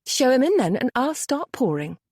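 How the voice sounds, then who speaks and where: Teasing young widow heroine, woman narrator's light take, animated and a bit higher. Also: moderate pace, slightly rough, dry recording, studio quality, exaggerated voice. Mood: lively. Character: spirited young widowed lady, warm and teasing.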